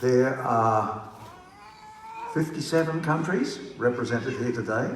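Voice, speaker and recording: A man's voice: medium pitch, takes it slowly. An older man, leading a citizenship ceremony in a jovial, joking way as he calls out country names. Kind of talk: jovial ceremony speech to an audience. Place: large hall with a crowd. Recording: echoey hall, distant mic, crowd noise.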